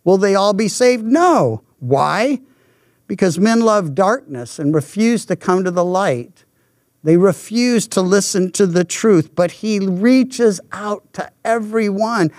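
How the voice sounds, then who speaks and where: An older man preaching a sermon in an emphatic, deliberate way, a pastor teaching from Scripture. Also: high voice, lively intonation, darkish tone, no echo, studio quality.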